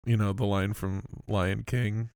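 A man co-hosting a podcast in casual chat, joking and animated, often bursting into laughter. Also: on the low side, measured pace, clean tone, dry recording, studio quality. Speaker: podcast co-host.

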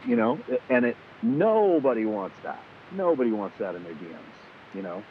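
A man in casual conversation, animated and swearing freely, acting out quoted exchanges as he tells stories. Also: fairly low pitch, moderate pace, hardly any pauses. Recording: tinny phone-like sound with faint hiss.

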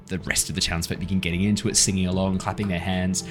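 A deep-voiced man runs a tabletop game, painting each scene in unhurried detail. He narrates the action for his players, and faint music sits low in the background. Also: little pitch movement. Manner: descriptive, scene-setting narration with playful asides. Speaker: game master.

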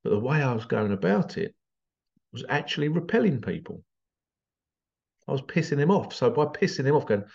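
A man in a casual storytelling monologue, animated and conversational. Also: mid-range voice, a little fast, vocal fry, long pauses, lo-fi sound. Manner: animated, conversational, acts out quotes. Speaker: vlogger.

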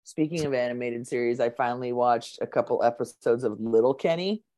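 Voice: medium pitch, fairly quick, mellow. A co-host of a podcast in casual chat, telling rambling stories full of restarts and profane asides. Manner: rambling storytelling with restarts and acted quotes.

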